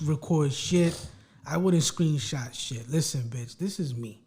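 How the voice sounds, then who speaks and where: Gravelly, higher-voiced blunt man. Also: measured pace, a little mellow. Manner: blunt, emphatic opinions, heavy profanity. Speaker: podcast co-host. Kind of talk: casual chat.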